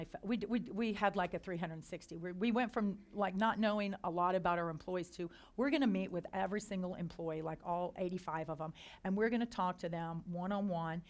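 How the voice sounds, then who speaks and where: A middle-aged woman, a company founder and CEO, telling anecdotes to a business audience, chatty with quick restarts and quoted dialogue. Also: fairly low pitch. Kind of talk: storytelling talk to a business audience. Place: lecture hall.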